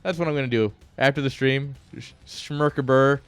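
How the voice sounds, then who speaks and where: A man's voice: medium pitch, steady tone, normal speed, smooth, dry recording, soft background music. A man casting a strategy game on a live stream, rambling off-topic, joking and swearing freely. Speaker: game caster. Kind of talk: casual live-stream commentary.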